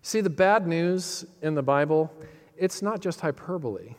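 A man preaching with a slightly high voice that rings out through a hall with a long, lingering reverb. He pushes key words up with force, then drops to a hushed, heavy tone and leans on dramatic pauses. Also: lively intonation. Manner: emphatic, rises on key phrases then drops low and quiet; dramatic pauses, quotes lines with feeling. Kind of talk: sermon.

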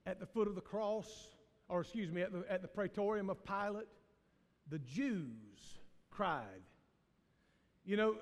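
A man with a Southern US accent, a pastor preaching a sermon in a church, swinging from loud shouts to hushed low tones. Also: sing-song, measured pace, in a large hall. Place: church sanctuary.

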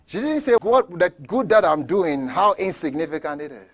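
Animated preacher with a lively voice. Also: male voice, fairly high pitch, moderate pace. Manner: animated storytelling, swings from loud shouts to near-whispers; chuckles between points. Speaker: pastor. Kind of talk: sermon.

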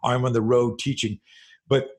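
A man's voice: mid-range voice, moderate pace. A middle-aged man, a self-defense instructor, telling a story in an interview. He swears freely and acts out the scenes as he goes. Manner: profane, animated storyteller who acts out scenes.

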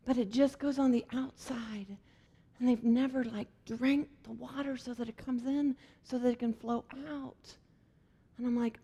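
A woman gives a sermon with a slightly high voice, talking in an earnest, chatty way and slipping in playful asides. Her voice rings out with a long reverb, as if in a big church hall. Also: fairly quick, a little mellow. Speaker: preacher.

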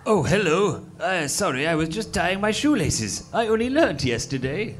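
A man's voice: high voice, big pitch swings, normal speed, a little hiss or hum. A man playing a dim-witted, bumbling newspaper man who hesitates and fumbles, in an improvised comedy.

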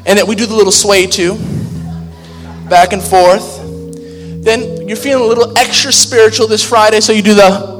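A man with a high-pitched voice preaching in a loose, joking, conversational way. His voice carries a long reverb from a large church hall, and faint music sits underneath. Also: fairly even intonation, normal speed, fairly bright tone. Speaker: pastor. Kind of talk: sermon.

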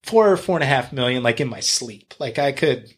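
A man's voice: mid-range voice, lively intonation, a little fast, breathy edge. A man being interviewed on a podcast as a real estate agent and investor, talking in a blunt, rambling, enthusiastic way and swearing freely.

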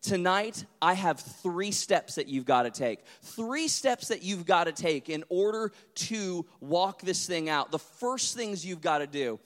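High-voiced pastor in a reverberant hall. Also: male voice, unhurried, few pauses. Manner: animated storyteller, acts out voices. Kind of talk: sermon with storytelling.

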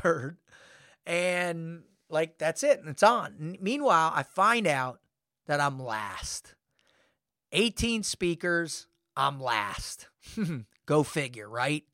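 A man, a motivational speaker, telling a personal story in a casual, animated way and acting out quoted lines. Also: fairly high pitch, no echo, studio quality. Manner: animated, acts out his own inner voice and quotes. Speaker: podcast guest, motivational speaker.

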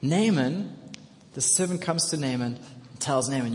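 A man preaching a sermon to his congregation, telling a story with repeated phrases and building to loud, emphatic calls. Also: mid-range voice, expressive, moderate pace, pauses often, a little hiss or hum. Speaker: pastor. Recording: long reverb of a large hall.

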